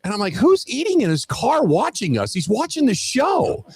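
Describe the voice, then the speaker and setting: A man hosting a sports radio show, telling stories in a lively way that gets loud at the punchlines. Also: extremely high pitch, moderate pace, husky, dry recording. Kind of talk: animated radio storytelling.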